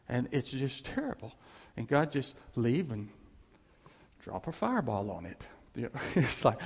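Animated preacher in a reverberant hall. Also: male voice, mid-range voice, moderate pace, creaky. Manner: animated, conversational, acts out quoted voices. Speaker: pastor. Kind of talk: sermon.

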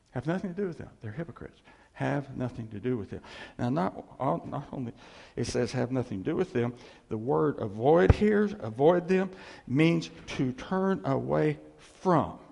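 Man, pastor, sermon, conversational with chuckles, gravelly, reverberant hall. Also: medium pitch, darkish tone. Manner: conversational preaching with chuckles and asides.

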